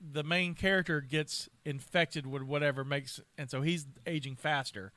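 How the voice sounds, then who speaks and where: A man hosting a podcast who tells stories in an animated, casual way and laughs often. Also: a little high, moderate pace. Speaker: podcast host. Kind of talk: casual chat.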